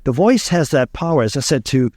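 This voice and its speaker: A man being interviewed as a communication coach, explaining with animated storytelling and frequent fillers. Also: mid-range voice, fairly quick, no echo, clean studio sound.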